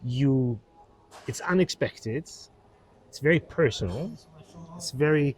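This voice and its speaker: A man's voice: mid-range voice, expressive, slow pace, a little mellow. Emphatic man restarting his phrases. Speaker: co-host, hospitality industry expert. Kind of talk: casual industry discussion.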